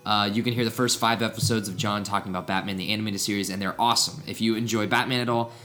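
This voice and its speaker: A man's voice: on the low side, fairly even intonation, fast talker, pushed and bright. A young man hosting a casual podcast, chatty and laid-back, rambling a little. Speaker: podcast host.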